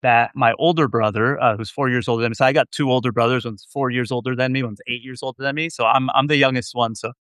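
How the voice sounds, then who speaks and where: A man's voice: medium pitch, fairly even intonation, fast talker, hardly any pauses, a bit bright, dry recording, clean studio sound. A man, a guest on a video call interview, telling rambling, self-deprecating stories from his computer with many restarts. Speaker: guest, venture investor. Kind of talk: casual interview storytelling.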